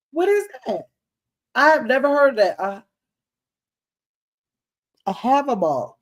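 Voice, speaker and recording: Older woman in AAVE, livestream host, reads chat comments, gets excited, loose and chatty. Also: medium pitch. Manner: chatty, animated, Southern US dialect grammar.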